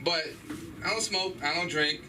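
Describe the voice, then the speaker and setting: A middle-aged man doing a stand-up set in a small comedy club, animated and profane as he acts out loud voices. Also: fairly high pitch, moderate pace, recorded from a distance, background noise. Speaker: stand-up comedian at an open mic.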